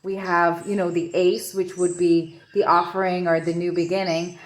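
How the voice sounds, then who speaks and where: A woman giving an intuitive tarot reading to camera from her home office, talking in a soft, meandering, reflective way. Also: on the low side. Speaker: tarot reader.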